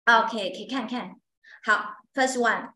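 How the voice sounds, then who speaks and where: Woman, Chinese tutor online, fairly high voice, unhurried, repeats every sound. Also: reverberant, crowd noise, low-quality recording. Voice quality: non-native English, simple phrasing. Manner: patient, repeats sounds slowly for students. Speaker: Chinese language teacher. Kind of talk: online pronunciation lesson.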